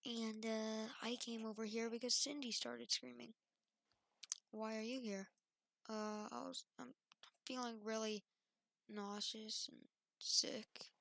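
A woman acting out a casual game role-play, halting and hesitant, with many fillers and restarts. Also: on the high side, level tone, gravelly, a bit bright, dry recording, clean studio sound. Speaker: role-play channel host.

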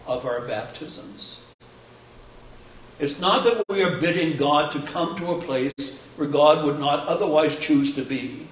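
A man's voice: on the high side, slight background noise. Man preaching in an echoey church. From United States. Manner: conversational preaching with rhetorical questions and dry humor. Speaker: pastor. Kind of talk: sermon. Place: church sanctuary. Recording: echoey church heard from a distance.

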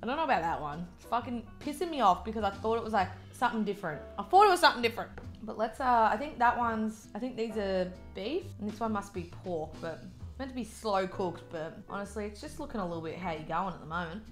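A woman's voice: mid-range voice, lively intonation, quick pace, soft background music. A young Australian woman chatting casually while eating on camera, filling her talk with "like" and working herself up into a heated rant. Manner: chatty, peppered with "like", gets heated and ranty. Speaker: mukbang vlogger.

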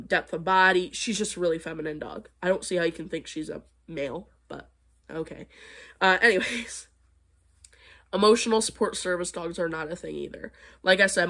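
A woman's voice: lowish voice, fairly bright tone. A young woman vlogging, reacting to comments in a blunt, sarcastic way and laughing between her points. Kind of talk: casual vlog commentary.

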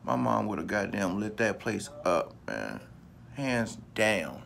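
A man's voice: fairly low pitch, very animated, unhurried, gravelly, a bit bright, slight background noise. A man vlogging in a casual, profane rant, repeating himself for emphasis and talking straight to his viewers. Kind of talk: casual ranting commentary to camera.

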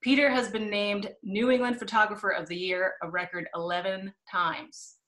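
Woman hosting an online museum talk, bright voice, lots of ums, video call sound. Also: mid-range voice, level tone, normal speed. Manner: friendly, with many fillers. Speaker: museum event host. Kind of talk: virtual lecture introduction.

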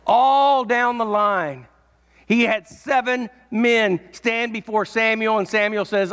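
A male pastor preaching a sermon, telling a story and swelling into shouts at its peaks. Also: high-pitched, takes it slowly, smooth. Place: church. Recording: echoey church hall.

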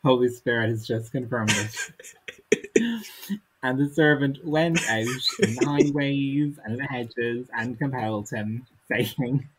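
A man's voice: mid-range voice, unhurried, poor audio. A man co-hosting a podcast, reading a comic text aloud and dropping dry, wry asides. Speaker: podcast co-host.

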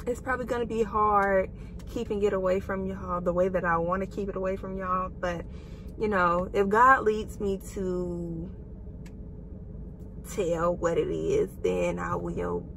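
A woman's voice: mid-range voice, fairly even intonation, measured pace, a bit bright, a little hiss or hum, low-quality recording. A young woman vlogging from a parked car, giving an emotional, faith-filled pep talk and calling her viewers "y'all" and "girl". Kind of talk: casual encouraging vlog talk.

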